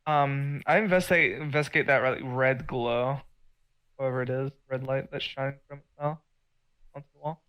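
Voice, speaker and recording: A man's voice: medium pitch, fairly even intonation, normal speed, clear, resonant tone, highs cut off. A man playing a tabletop game, asking casual questions and declaring his character's actions. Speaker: player.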